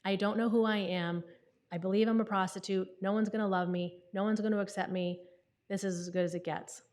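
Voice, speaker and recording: Woman giving her testimony at a conference, candid and chatty, keeps asking right?, mid pitch. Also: steady tone, a little fast, darkish tone. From New England. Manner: candid, conversational, often asks "right?". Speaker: conference speaker. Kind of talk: personal testimony talk.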